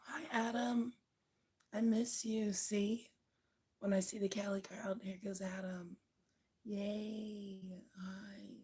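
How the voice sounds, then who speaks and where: A woman hosting a late-night livestream, talking softly and half-whispered in a raspy, worn-out voice, unhurried and blunt. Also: medium pitch. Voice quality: soft, half-whispered talk. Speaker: livestream host.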